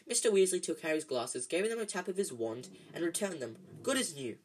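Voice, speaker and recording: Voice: mid-range voice, big pitch swings, fairly quick, husky, poor audio. A reader narrating a storybook in an amateur audiobook style, often stumbling and correcting themselves.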